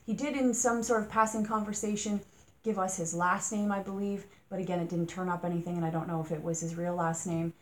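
A woman's voice: lowish voice, fairly even intonation, a little fast. A woman hosting a true-crime podcast, talking casually through her thoughts, asking rhetorical questions and sometimes getting exasperated.

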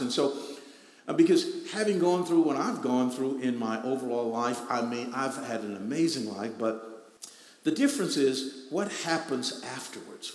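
A pastor preaching a sermon, repeating lines and swelling into loud emphatic bursts before dropping back to a low, quiet tone. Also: male voice. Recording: echoey hall with long reverb.

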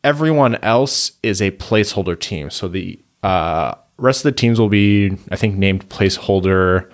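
A man co-hosting a hockey podcast, explaining things haltingly with many fillers. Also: sits low, dry recording, studio quality. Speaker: podcast co-host.

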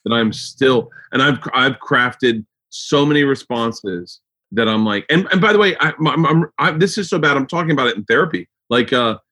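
A man's voice: medium pitch, moderate pace, sharp tone. A man hosting a podcast in casual chat, rambling and swearing, with many restarts. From United States. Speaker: podcast host.

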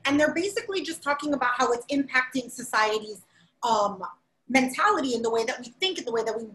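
High-pitched woman co-host, rambly chatty talk, echoey room. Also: quick pace. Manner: chatty, rambling with fillers, animated. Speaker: podcast co-host. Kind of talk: casual chat.

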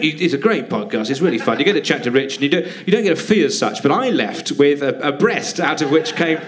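A man's voice: a little high, lively intonation, fast, hardly any pauses. A man telling rambling, self-deprecating anecdotes as a guest on a live podcast, often laughing mid-sentence. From Britain. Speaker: guest comedian and actor. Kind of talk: casual anecdotal chat. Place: theatre stage, live podcast.

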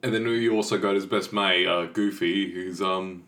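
A man's voice: low voice, fairly even intonation, normal speed, fairly bright tone. A man hosting a casual podcast, talking enthusiastically and rambling with many fillers. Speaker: podcast host.

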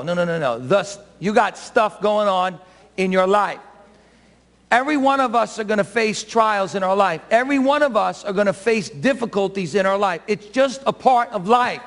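In a church sanctuary, a middle-aged male pastor delivers a sermon, emphatic and peppered with rhetorical questions for the congregation. His voice is high with a fairly bright tone, and the hall sounds reverberant.

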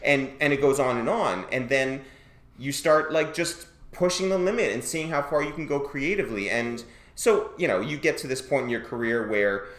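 A man's voice: medium pitch, normal speed. A man in his thirties from New York, a podcast guest telling stories in casual chat and acting out what people said. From Westchester, New York. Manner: animated storyteller, acts out quotes. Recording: echoey room.

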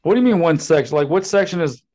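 Blunt man with a lively voice. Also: on the high side, quick pace. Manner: blunt, crude, dismissive. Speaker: podcast co-host. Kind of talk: casual podcast banter.

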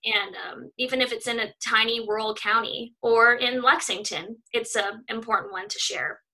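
Young woman from California, reporter guest; bright, fairly high voice, chatty and upbeat with lots of fillers. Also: normal speed, low-quality recording. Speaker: news reporter, interview guest. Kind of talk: casual interview chat.

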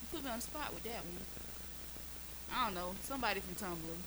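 A woman's voice: medium pitch, expressive, a little fast, noisy background. A woman with a Southern US accent in casual chat, brash and crude, full of laughing banter.

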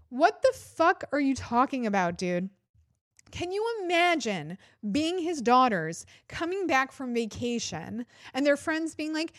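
A woman's voice: high-pitched, sing-song, normal speed, no room sound, clean studio sound. Profane, sarcastic woman ranting. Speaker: podcast host. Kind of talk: casual political ranting.

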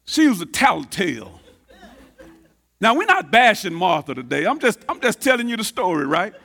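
A preacher delivers a sermon in a strikingly high, lively voice. He swings from booming emphasis down to hushed asides and drives his points home by repeating key phrases. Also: moderate pace, gravelly. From Texas, United States. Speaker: pastor.

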